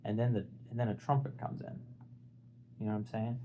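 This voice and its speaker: A man's voice: fairly low pitch, level tone, fairly quick, warm tone, slight background noise, rough recording. A young man talking casually about an album, rambling and searching for words as he goes. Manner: rambling, filler-heavy, restarts and searches for words. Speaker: music video essayist. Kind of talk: casual unscripted album talk.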